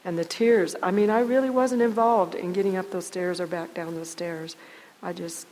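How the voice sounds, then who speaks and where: A woman telling a personal faith testimony in a halting, earnest way, often repeating her words as she goes. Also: lowish voice, fairly even intonation, darkish tone, in a large hall, slight background noise, rough recording. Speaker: guest sharing testimony.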